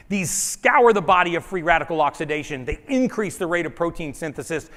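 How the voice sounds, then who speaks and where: A man giving a lively seminar talk to a live audience, firing questions at the crowd and leading them through a group exercise. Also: sits high. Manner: energetic, rallying the audience with questions. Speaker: health speaker. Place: large hall before a live audience. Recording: echoey hall.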